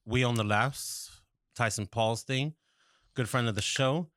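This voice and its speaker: A man in his thirties co-hosting a podcast in casual, profane chat, an animated storyteller who swears a lot. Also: mid-range voice, measured pace, no echo, clean studio sound. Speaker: podcast co-host.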